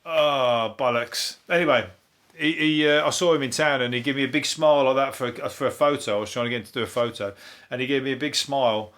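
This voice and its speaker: Man, comedy podcast host, rambling, sweary, chuckles at himself, mid-pitched voice. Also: fairly even intonation, fast, fairly bright tone. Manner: rambling, sweary, laughs at own jokes. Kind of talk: casual comedic news chat.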